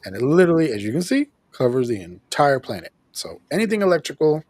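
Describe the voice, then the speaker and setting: Husky guy recapping an episode, animated, dry close sound. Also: fairly high pitch, quick pace, no room sound. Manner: animated recapping, acts out characters' lines, laughs often. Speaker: host of a show reviewing an episode. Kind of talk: casual chat recapping an episode.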